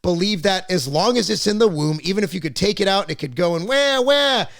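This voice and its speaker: A fast-talking man with a high voice and vocal fry is heard in studio-quality audio without echo. He's a podcast host in a casual political discussion, rambling and opinionated, blunt with some swearing, constantly restarting sentences and repeating words.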